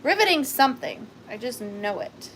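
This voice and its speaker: A woman's voice: a little high, big pitch swings, normal speed, a bit bright, a little hiss or hum. A woman hosting a live online vintage sale, chatting casually and rambling with playful wordplay. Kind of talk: casual live-stream chat.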